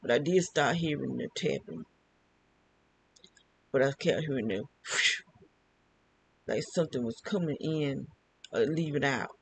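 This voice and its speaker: A man's voice: mid-range voice, a little slow, vocal fry, long pauses, a bit bright, slight background noise, rough recording. An older man talking alone to camera, rambling and often repeating and restarting his phrases. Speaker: vlogger. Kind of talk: casual monologue.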